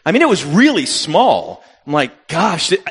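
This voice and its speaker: A man in his fifties, a missionary telling a funny personal story in a sermon, acting out his own reactions with sudden loud jumps. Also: on the high side, sing-song, normal speed, breathy edge. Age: 50s. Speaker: missionary preacher. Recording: long reverb of a hall.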